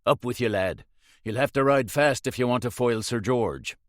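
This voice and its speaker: A man's voice: mid-range voice, normal speed, no echo, studio quality, natural voice. A man voicing a bold masked rider who speaks lightly and commandingly in a put-on Irish accent. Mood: brisk.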